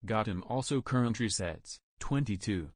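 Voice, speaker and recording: A male text-to-speech voice reading out stream messages in a flat monotone. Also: on the low side, normal speed, a little hiss or hum. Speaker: text-to-speech donation reader. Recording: faint music behind. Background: faint game music.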